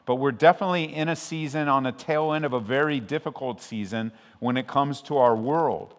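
A man from Southern California preaching a sermon as pastor, conversational with frequent restarts, swelling loud when he quotes scripture. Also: mid-range voice, brisk. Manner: conversational and self-interrupting, with restarts. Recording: long hall reverb.

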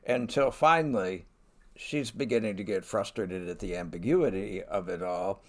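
A man's voice: deep voice, moderate pace, a little mellow. A man giving a conversational literature lecture, wry in tone and reading quoted lines aloud.

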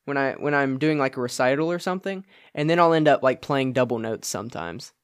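A man's voice: mid-range voice, a little fast, smooth. A young man co-hosting a podcast, chatting casually in a rambling way, with lots of fillers and frequent laughs. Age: young adult. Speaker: podcast co-host. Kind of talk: casual chat.

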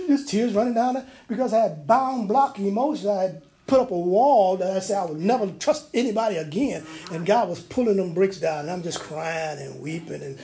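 Man preacher with a high voice, loud and then quiet, telling stories from the pulpit. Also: normal speed, hardly any pauses, a little hiss or hum. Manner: swings between loud preaching and quiet storytelling; many restarts and fillers when telling stories. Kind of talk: sermon. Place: church.

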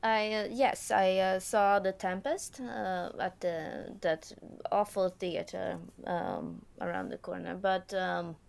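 Woman putting on a haunted, aloof ex-nun; halting broken English, low gravelly voice. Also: very animated, a little mellow, full character voice. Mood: haughty. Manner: broken English with a put-on accent; halting, hesitant, slow. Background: music.

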